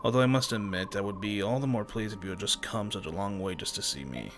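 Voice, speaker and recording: A man voicing a smarmy, flirtatious nobleman in a fan-dubbed game, speaking with a slow, ingratiating drawl. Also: fairly low pitch, fairly bright tone, faint music behind, pitched below the performer's own voice, close to an everyday voice. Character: smarmy male duke, flirtatious.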